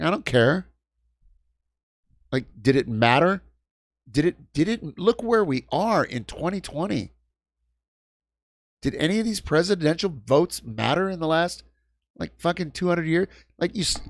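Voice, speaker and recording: Gravelly, ranting man in his fifties. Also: a little high, no echo, clean studio sound. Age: 50s. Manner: swearing, ranting, stumbling restarts. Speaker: livestream host. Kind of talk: heated casual stream chat. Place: home in New York.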